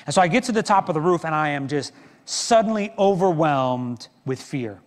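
Middle-aged pastor guy preaching, tells stories w/ self-deprecating jokes, kinda high voice, church reverb. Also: animated, normal speed. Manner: storytelling with self-deprecating humor. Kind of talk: sermon. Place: church sanctuary.

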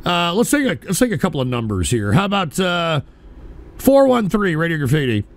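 A man's voice: a little high, big pitch swings, a little fast. A profane, easily riled man hosting a call-in radio show.

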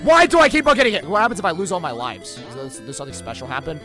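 A man hosting a let's-play reaction, jokey and excitable, breaking into shouts. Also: a little high, rapid-fire, faint music behind. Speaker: gaming channel host.

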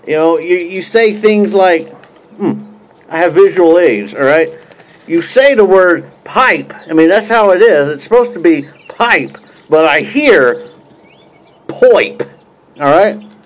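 Rambling, lively man roasting jokingly. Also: high voice, unhurried. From United States. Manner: rambling, many fillers and restarts; joking, mock-indignant. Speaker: YouTube pipe-smoking vlogger. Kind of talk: casual mock roast to camera.

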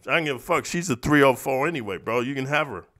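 A man from the eastern United States ranting at his viewers in a profane, confrontational monologue that swings between low muttering and loud outbursts. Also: expressive, fast, no room sound, studio quality. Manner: profane, confrontational, says "bro" constantly. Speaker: YouTuber reacting to comments.

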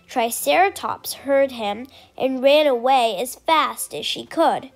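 A woman reading a children's picture book aloud, slow, clear and expressive. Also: high-pitched, faint music behind. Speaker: storyteller.

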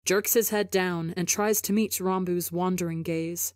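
Slow, low-voiced woman reading a story. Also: steady tone, darkish tone, no room sound, clean studio sound. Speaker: podcast reader. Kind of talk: fan fiction audiobook narration.

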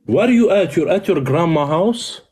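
A man's voice: high-pitched, lively intonation, normal speed, darkish tone. A man calling in to a live stream, talking in playful broken English with a put-on accent.

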